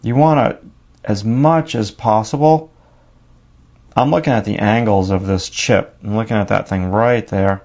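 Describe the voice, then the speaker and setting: A man's voice: fairly low pitch, a little slow, a little mellow, highs cut off. A man with a New York accent narrating a drawing lesson, talking casually and thinking aloud as he works. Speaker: drawing teacher.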